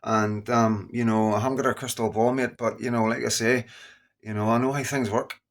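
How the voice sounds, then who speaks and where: A man's voice: mid-range voice, fairly even intonation, fairly quick. Scottish male vlogger, middle-aged, earnest, rambling direct-to-camera talk. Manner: earnest, rambling, repeats phrases. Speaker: YouTuber. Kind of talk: casual straight-to-camera talk.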